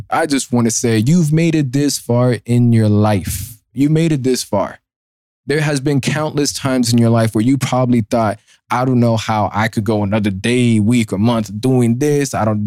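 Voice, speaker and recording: A man's voice: mid-range voice, a little mellow, no room sound. Guy doing a solo podcast rant, cussing and cracking himself up, dry close sound. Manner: loose, profane and joking, laughs at his own bits. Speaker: podcast host.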